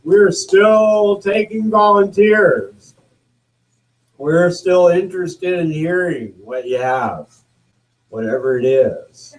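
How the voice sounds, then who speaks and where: A man hosting a live gathering, talking casually with pauses and fillers. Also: sits high, rough recording. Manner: relaxed, hesitant, with fillers. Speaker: event host. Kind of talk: casual emcee patter.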